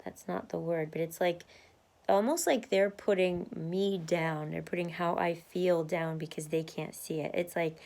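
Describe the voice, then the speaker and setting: A woman's voice: on the low side, steady tone, measured pace, gravelly, darkish tone. Chatty woman, candid vlog. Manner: chatty and candid, laughs often, marches in place while talking. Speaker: vlogger sharing a weight-loss journey. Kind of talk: casual video diary. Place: home office, seated at her desk.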